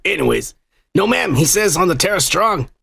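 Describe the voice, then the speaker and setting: A man's voice: sits high, lively intonation, normal speed, vocal fry, sharp tone, breathy edge. A man hosting a podcast in crude, profane casual chat, reading listener comments aloud and joking with his co-host.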